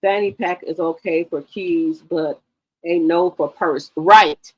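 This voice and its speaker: A woman's voice: on the low side, takes it slowly, a little mellow, lo-fi sound. An older woman, hosting a casual gossip chat in a sassy, profane, emphatic way. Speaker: talk show host.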